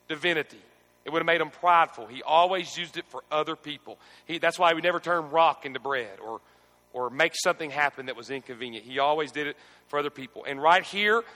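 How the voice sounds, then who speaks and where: A man preaching a sermon as pastor, swinging between shouting and near-hushed speech. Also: a little high, in a large hall.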